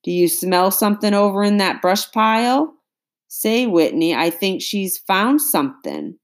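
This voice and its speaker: A woman voicing a greedy, cruel male slave catcher who speaks in a slow rural drawl. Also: mid-range voice, big pitch swings, pitched above the performer's own voice. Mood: excited.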